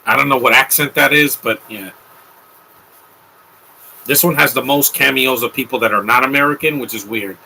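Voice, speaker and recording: A man's voice: mid-range voice, normal speed, vocal fry, pauses often, pushed and bright, slight background noise, low-quality recording. A young man hosting a live movie commentary, talking in an offhand, rambling way with opinionated asides.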